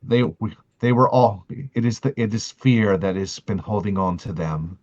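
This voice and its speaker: Man, low voice, very slow, earnest, halting, muffled lo-fi. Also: fairly even intonation, darkish tone. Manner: earnest, halting, restarts often. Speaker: player. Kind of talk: in-character narration of a tabletop game.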